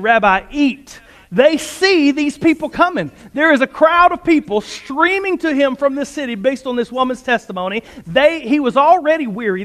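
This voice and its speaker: High-voiced fast-talking man preaching. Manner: energetic, fast, joking asides. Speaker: pastor. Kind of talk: sermon. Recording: long hall reverb.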